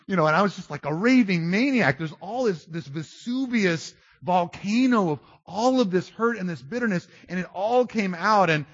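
A man preaching a sermon, animated and self-described loud, swinging from big outbursts to low confiding tones. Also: no room sound, dull audio. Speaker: pastor.

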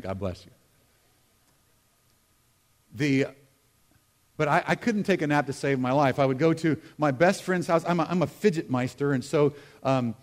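A middle-aged man from the United States delivers a sermon in a church. His tone is conversational and humorous, with quick asides to the congregation. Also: fairly high pitch. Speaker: pastor. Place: church sanctuary.

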